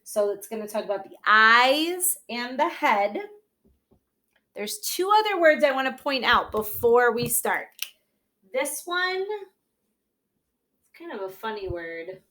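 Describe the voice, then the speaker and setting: A woman teacher walks young children through a reading lesson, slowing down to sound out words syllable by syllable. Her voice sits a bit high and has a bright, forceful edge. She keeps checking in with a patient "okay?". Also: very animated.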